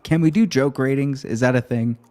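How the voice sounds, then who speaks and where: A man's voice: medium pitch, a little fast, a little mellow. A young man co-hosting a casual movie podcast, joking and playfully mock-angry. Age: young adult. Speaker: podcast co-host. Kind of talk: casual chat.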